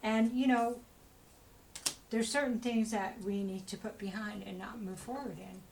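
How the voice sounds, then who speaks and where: A woman talks through a tarot reading in a loose, chatty way. She rambles and drops frequent asides to the listener, and her voice sits at an ordinary middle pitch. She keeps encouraging the listener as she goes. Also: steady tone, a little slow, creaky, noisy background. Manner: chatty, rambling, full of "you know" asides. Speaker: tarot reader. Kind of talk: casual spoken tarot reading.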